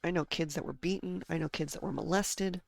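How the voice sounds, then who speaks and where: A woman's voice: on the low side, steady tone, brisk, creaky, a little mellow, no echo. A woman streamer talking casually while she plays, blunt and sarcastic in her frustration. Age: adult, married. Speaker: gaming streamer.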